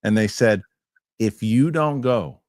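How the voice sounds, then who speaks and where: Lower-voiced man hosting a podcast. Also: slow, no echo, studio quality. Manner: animated storytelling, excitable rants. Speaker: show host. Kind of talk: casual chat.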